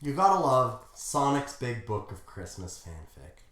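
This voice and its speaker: A woman streamer reading fan fiction aloud with wry, deadpan asides. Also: a bass voice, unhurried. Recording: roomy echo.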